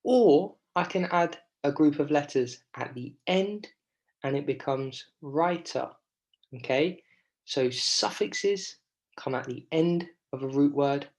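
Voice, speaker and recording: A man's voice: a little high, creaky. A male primary school teacher giving a recorded spelling lesson, patient and encouraging, stretching out syllables and checking in with the children. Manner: slow, patient, stretching out syllables to demonstrate stress.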